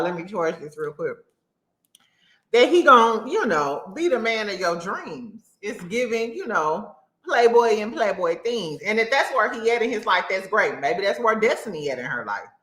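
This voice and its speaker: A woman's voice: mid-range voice, fairly bright tone. A woman hosting a casual reality show recap, blunt and profane, full of slang and asides to viewers. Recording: echoey room.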